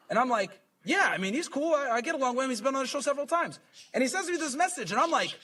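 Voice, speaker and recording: A man's voice: very high voice, very animated, fast, bright, forceful tone, husky. A man hosting a podcast who tells a story to his live chat in a casual, incredulous way, reading out messages as he goes. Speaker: podcast host.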